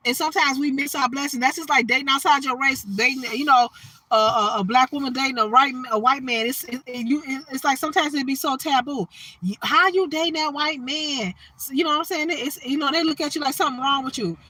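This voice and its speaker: Lady going live on her phone, high bright voice, dry sound, keeps asking if u get her. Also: fairly even intonation, quick pace, dry recording. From Detroit, Michigan. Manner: emphatic, repeats "you understand what I'm saying". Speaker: livestream host. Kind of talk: preachy livestream monologue.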